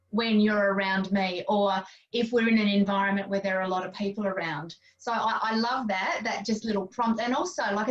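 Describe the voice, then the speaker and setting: A woman hosting an online parents' discussion, chatty and animated when she tells stories. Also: on the high side. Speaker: parenting group host. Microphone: video call. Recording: dull lo-fi sound, distant from mic.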